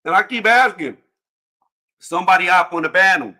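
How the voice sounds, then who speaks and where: A man hosting a casual boxing livestream panel, joking loudly and cursing, with frequent laughs and trash talk. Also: sits high, lively intonation, moderate pace.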